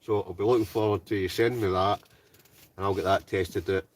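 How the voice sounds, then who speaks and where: In a hot tent, a man from Scotland hosts a live stream, casually chatting and reading viewer comments aloud, with a habit of ending lines on "right?". He has a deep voice, a steady tone and a fairly quick delivery, captured from a distance.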